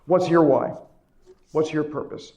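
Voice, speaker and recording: A middle-aged man delivers an inspirational conference speech with a fairly high voice. He hammers home key lines by repeating them and keeps asking his listeners questions. The sound rings around a roomy hall. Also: unhurried, dark tone. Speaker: chiropractor giving a keynote talk. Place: conference hall, live before an audience.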